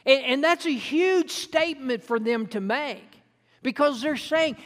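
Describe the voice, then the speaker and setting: Unhurried sermon preacher, emphatic and earnest, recorded in a big echoing sanctuary. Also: sits high, fairly bright tone. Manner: earnest, emphatic teaching with frequent restarts. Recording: long reverb in a large hall.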